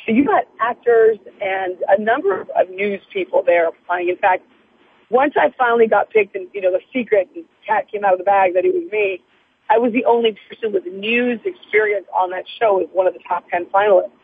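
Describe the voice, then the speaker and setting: A woman guest with a raspy morning voice, talking in a chatty, effusive way during a phone interview. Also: medium pitch, animated, a little fast, slight background noise. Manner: chatty, effusive, laughs often. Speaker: guest, TV news reporter. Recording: tinny phone line, dry.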